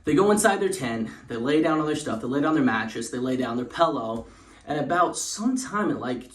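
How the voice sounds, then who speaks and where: A man's voice: a little high, reverberant. A young man telling a parody spooky story in a rambling way, with lots of fillers and restarts.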